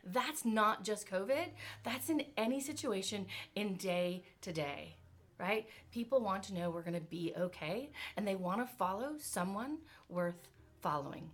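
A woman giving an energetic motivational talk on leadership, firing off rhetorical questions. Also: medium pitch, a little slow. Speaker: motivational speaker. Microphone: virtual event talk.

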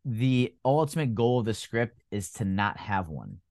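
A man's voice: medium pitch, lively intonation, a little slow, darkish tone, no echo, studio quality. A man in casual conversation, rambling and filling his talk with "like" as he asks questions. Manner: rambling, heavy on "like" fillers.

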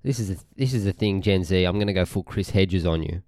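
A man's voice: deep voice, a little fast, darkish tone, no room sound, studio quality. A young Australian man hosting a podcast, ranting casually in a rambling, irritated, sweary way and often trailing off mid-sentence. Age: young adult. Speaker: podcast host.

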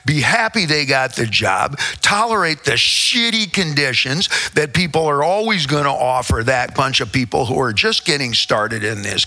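A man's voice: fairly high pitch, sharp tone. A man in his sixties delivering a rambling, profane comic rant. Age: 60s.

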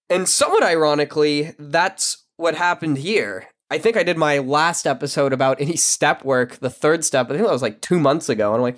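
A man hosts his own solo podcast, speaking a little high and fairly quickly with few pauses. His casual monologue is candid, blunt, and frank, peppered with swearing.

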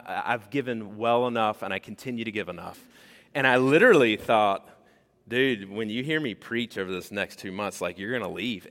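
Male pastor, lively sermon delivery, casual asides, long hall reverb. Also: fairly low pitch. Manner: animated preaching, acts out quoted voices. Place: church sanctuary.

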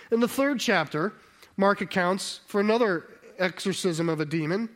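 High-voiced man preaching a sermon. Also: lively intonation, moderate pace. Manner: conversational, asks the audience rhetorical questions; restarts and self-corrections mid-sentence.

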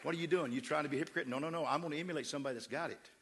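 Brief: middle-aged West Texas preacher, fervent, slightly high, gravelly, church echo. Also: male voice, racing, fairly bright tone. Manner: fervent, emphatic preaching with crowd call-outs. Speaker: pastor. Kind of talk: sermon. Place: church sanctuary. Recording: echoey church hall.

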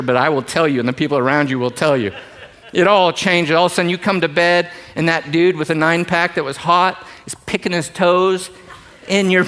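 A middle-aged male pastor with a fairly high voice delivers a sermon in an animated, joking style, swinging between loud emphasis and hushed asides.

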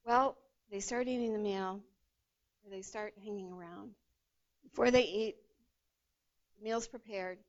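A woman teaching a Bible passage in a lively, conversational way, sometimes acting out the voices of the people in the story. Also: medium pitch, unhurried, pauses often. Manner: animated retelling, acts out the disciples' voices. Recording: dull lo-fi sound.

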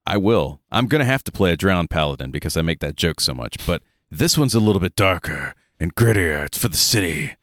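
A man with a low voice co-hosts a relaxed gaming podcast, talking loosely and tossing in jokes and asides. The sound is dry and close to the mic. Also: no echo. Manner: joking, rambling, quick asides. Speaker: podcast co-host. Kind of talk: casual tabletop gaming chat.

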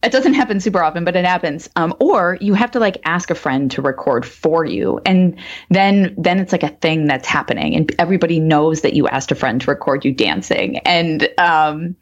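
Low-voiced woman co-host, slightly muffled. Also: normal speed. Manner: rambling, self-deprecating, many fillers. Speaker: podcast co-host. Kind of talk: casual podcast chat.

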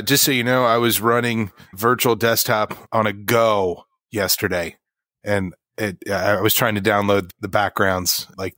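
A man's voice: fairly low pitch, a bit bright, no echo. A man hosting a casual tech show from a studio, rambling and joking at his own expense, often stumbling over his words. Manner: rambling, self-deprecating, stumbles and restarts. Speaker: show host.

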